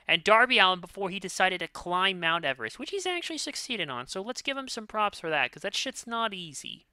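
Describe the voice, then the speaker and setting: A woman co-hosts a casual wrestling predictions show, swearing freely and ranting, veering between fuming outbursts and tired sighs. Her voice is fairly low with a sharp tone, smooth, with no echo.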